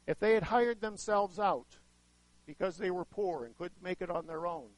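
A man preaching a sermon to a live audience, chatting with them and asking questions, with sudden swings in loudness as he acts out voices. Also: high voice, moderate pace, poor audio. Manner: conversational, asks the audience questions; dramatic shifts in loudness, acts out quoted voices.

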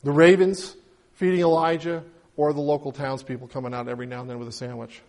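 A man with a high voice preaches a sermon to his congregation. He talks in a conversational way and slips into short acted-out exchanges to make his points. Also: little pitch movement, fast, darkish tone. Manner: conversational preaching, acts out little dialogues. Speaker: pastor.

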